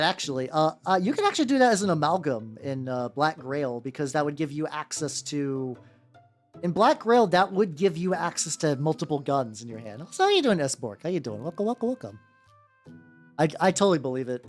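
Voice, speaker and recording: Lively rambling man streaming his hobby. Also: a little high. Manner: rambling, restarts often, swears, greets chat. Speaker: streamer painting miniatures. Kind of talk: casual live-stream chat.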